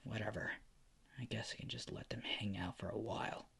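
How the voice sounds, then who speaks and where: A man voicing a cold, contemptuous teenage boy swordsman who mutters dismissively in a low, quiet voice. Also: fairly even intonation, a little fast, vocal fry, slightly rough, whispered, full character voice.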